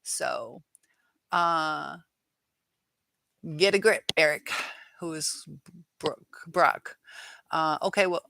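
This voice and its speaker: A woman's voice: low-pitched, very slow, vocal fry, pauses often, pushed and bright, a little hiss or hum. A woman hosting a live chat, reading viewer comments aloud and answering them frankly, with exasperation.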